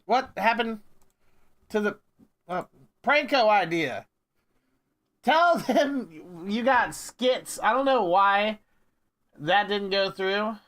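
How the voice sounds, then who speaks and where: A man's voice: high voice, lively intonation, slow, pauses often, a bit bright. A man livestreaming prank phone calls and chatting casually, joking and muttering to himself as he fixes his stream settings. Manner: jokey, mutters to himself while fiddling with settings.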